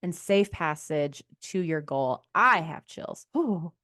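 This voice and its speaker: A woman co-hosting a podcast in casual chat, enthusiastic and warm toward her co-host, closing out the episode. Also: low-pitched, animated, slow pace, no echo, clean studio sound. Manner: enthusiastic, wraps up the show with plugs.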